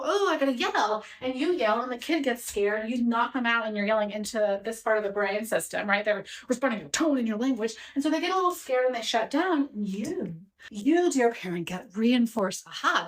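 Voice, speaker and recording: A woman parenting educator talking straight to the viewer in an animated, explanatory way, calling them "dear parent". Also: medium pitch, poor audio. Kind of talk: explanatory talk to camera.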